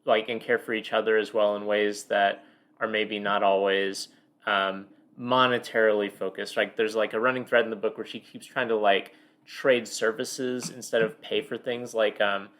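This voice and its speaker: Speaking at a moderate pace in a level tone, a man with a lowish, somewhat bright voice co-hosts a book podcast. The chat is casual and rambling, his long loose sentences riddled with fillers and restarts.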